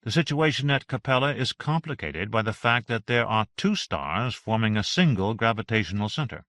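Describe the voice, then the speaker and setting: A man narrating an audiobook in a steady, even reading. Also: medium pitch, normal speed, no room sound, clean studio sound.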